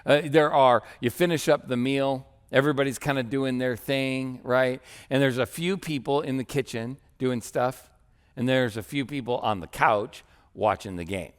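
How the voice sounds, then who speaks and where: A man's voice: medium pitch, moderate pace, smooth. Conversational male pastor preaching a sermon. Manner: conversational, asks "right?" often, acts out quoted voices.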